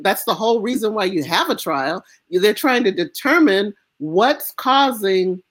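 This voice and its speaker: An American woman speaking as an interview guest, impassioned and emphatic, with halting restarts. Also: medium pitch. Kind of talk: emotional interview conversation.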